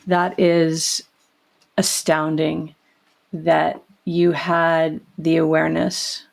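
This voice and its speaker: A woman hosts an interview in a slightly low voice. She praises her guest effusively and stumbles and repeats herself as she talks. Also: little pitch movement, very slow, vocal fry. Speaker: host. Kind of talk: casual interview.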